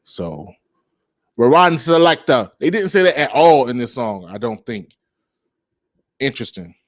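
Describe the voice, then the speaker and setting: A man's voice: mid-range voice, very animated. A man hosting a casual music podcast, rambling and laid-back, with many fillers, and he laughs at his own slips. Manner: drawn-out speech with many fillers. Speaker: podcast host.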